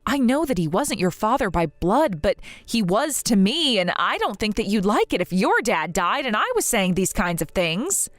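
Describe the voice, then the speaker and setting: A woman's voice: mid-range voice, sing-song, moderate pace, hardly any pauses, dry recording, soft background music, close to an everyday voice. A woman playing a grieving, hurt wife. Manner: pleading and earnest. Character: grieving young wife, hurt but earnest. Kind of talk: dramatized story voice acting.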